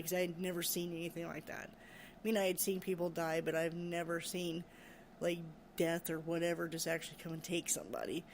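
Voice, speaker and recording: A woman recounting a frightening experience from her care work, halting, repeating words and laughing nervously. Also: lowish voice, darkish tone, slight background noise. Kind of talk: personal storytelling.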